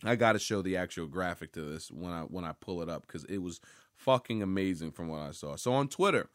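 A man riffing on a podcast in loose, rambling commentary, swearing freely and jumping into excited outbursts. His voice sits at an ordinary pitch and sounds dry and close, with no room around it. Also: brisk, dry recording. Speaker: podcast host. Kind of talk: casual pop-culture commentary.

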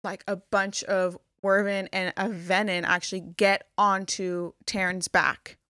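A woman's voice: mid-range voice, flat delivery, a little slow, sharp tone, no echo, clean studio sound. A young woman co-hosting a podcast, casually retelling a story with lots of "like" fillers. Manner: rambling retelling with many "like" fillers. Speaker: podcast co-host. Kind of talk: casual chat.

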